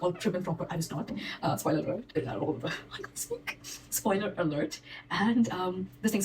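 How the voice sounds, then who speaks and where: A young woman races through a casual vlog Q&A, piling up fillers and joking at her own expense. Her voice sits a little low and sounds stuffy from a cold. She is recorded on a phone set back from her, with faint noise in the background. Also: a little mellow, distant mic, rough recording. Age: young adult. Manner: rambling, filler-heavy, self-deprecating. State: has a cold. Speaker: college student vlogger.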